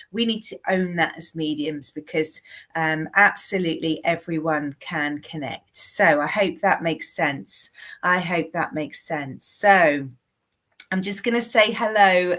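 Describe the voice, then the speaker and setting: A woman's voice: fairly low pitch, fairly bright tone. Chatty woman with a Southwest English accent. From Southwest England. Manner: chatty, calls viewers darling and sweetheart. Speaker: medium. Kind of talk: live-stream mediumship session.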